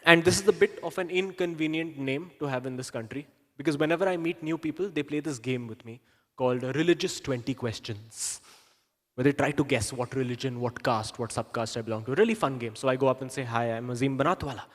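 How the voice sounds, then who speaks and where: Man doing stand-up in a hall. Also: mid-range voice. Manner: lively, conversational, quick asides. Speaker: stand-up comedian. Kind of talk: live stand-up comedy. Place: large event hall. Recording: reverberant hall, live stage mic.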